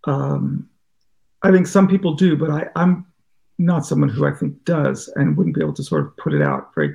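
An American journalist guesting on a podcast spins rambling, curious, self-deprecating tales, performing the things people said to him. He speaks on the high side with vocal fry and a slightly mellow quality.

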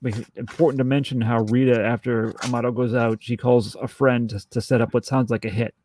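A man co-hosting a podcast in casual chat, acting out scenes in quick little voices. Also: medium pitch, little pitch movement, a little mellow. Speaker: podcast co-host.

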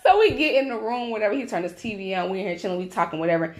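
A woman podcast host telling a story in casual chat, animated and profane, acting out each voice; she says her voice naturally carries. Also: medium pitch, racing. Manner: animated, profane, acts out every voice in her stories.

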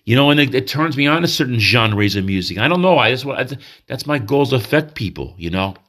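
A man hosts a podcast in a manic state, his mid-range voice fast, sing-song and slightly bright. He delivers a rambling, confessional monologue, constantly restarting and interrupting himself.

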